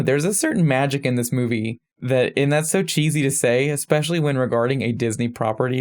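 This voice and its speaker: A man co-hosting a film podcast, chatting casually with animated, self-deprecating asides. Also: medium pitch, smooth. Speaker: podcast co-host.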